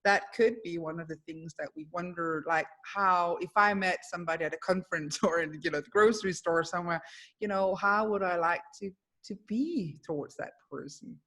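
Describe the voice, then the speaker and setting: A woman's voice: fairly low pitch, moderate pace, fairly bright tone. A woman psychologist hosting a casual webinar conversation over a video call, talking in an effusive way with many fillers and restarts. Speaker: host, psychologist.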